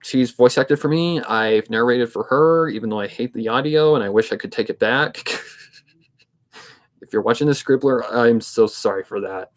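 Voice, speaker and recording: A man in his twenties chats casually on a livestream, his voice sitting at an ordinary middle pitch. He talks in a steady, somewhat monotone way. He rambles and thinks aloud with plenty of fillers, like a narrator of fan readings. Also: moderate pace. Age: 20s.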